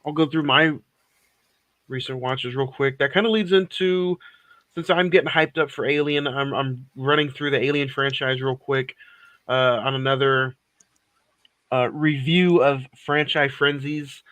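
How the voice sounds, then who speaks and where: A man hosting a casual podcast chat, talking in a relaxed, rambling way with lots of fillers. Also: medium pitch, measured pace, dry recording. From Oklahoma area, USA. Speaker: podcast host.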